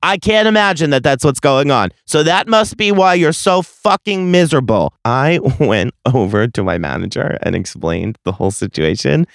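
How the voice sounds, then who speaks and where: A man's voice: medium pitch, expressive, moderate pace, creaky, few pauses, no echo, studio quality. A man in his late twenties hosting a solo podcast, telling a story in a profane, exasperated, sarcastic rant. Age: late 20s. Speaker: podcast host.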